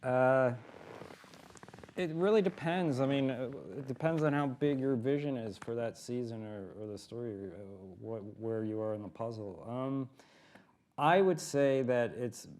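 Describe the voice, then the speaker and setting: A man's voice: mid-range voice, unhurried, darkish tone, a little hiss or hum. A man on a writers' panel giving practical advice in a hesitant way, full of fillers. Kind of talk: panel discussion answers.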